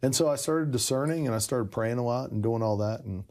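A man telling the story of his conversion in a casual interview, animated and self-interrupting, full of asides. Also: medium pitch, a little fast.

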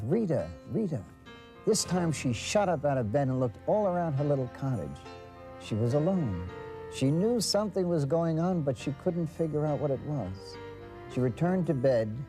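A man narrating a saint's life story in a measured, storytelling way. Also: fairly high pitch, mellow. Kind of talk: scripted documentary narration.

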